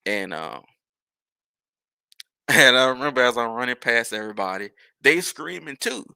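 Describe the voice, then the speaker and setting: A man's voice: medium pitch, animated, measured pace, vocal fry, sharp tone, clean tone, dry recording. A man, a podcast host telling a rambling, profane story in casual talk. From New Orleans.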